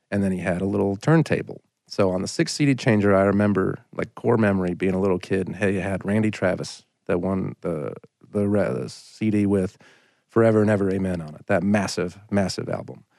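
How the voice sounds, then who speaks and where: Man, thirties, lowish voice, dry close sound, casual storytelling, loose and rambling. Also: normal speed, gravelly, a little mellow, no echo. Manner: rambling, anecdotal, frequent "like" fillers. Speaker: singer-songwriter guest. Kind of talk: casual storytelling in a podcast interview.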